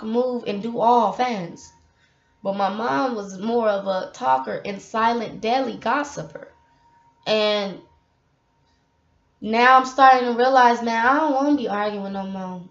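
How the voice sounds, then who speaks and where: A woman giving a casual, impassioned faith testimony straight to her viewers from her apartment. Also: a little high. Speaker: vlogger sharing faith testimony. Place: apartment room. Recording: roomy, dull lo-fi audio.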